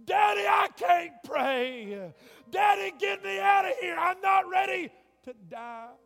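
A man's voice: extremely high pitch, unhurried, a bit bright, raised voice, a faint crowd, full character voice. A male preacher voicing a panicked teenage girl trapped in a burning car, screaming and pleading. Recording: long hall reverb, faint music.

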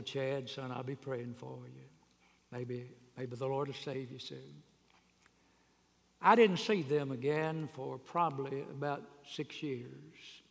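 A man preaching a sermon, telling folksy stories and rising to loud, emphatic peaks. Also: medium pitch, creaky. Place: church sanctuary. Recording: long reverb of a large hall.

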